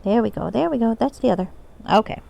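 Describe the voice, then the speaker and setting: A woman's voice: on the high side, quick pace, vocal fry. A woman streamer chatting casually and coaxing her cat during a live game stream. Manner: soft, coaxing talk to a pet.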